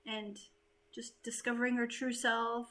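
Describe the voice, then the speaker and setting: High-voiced woman hosting a chat. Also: level tone, a little slow, pushed and bright. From United States. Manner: reads chat comments aloud, laughs often. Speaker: host. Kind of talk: casual live-stream chat.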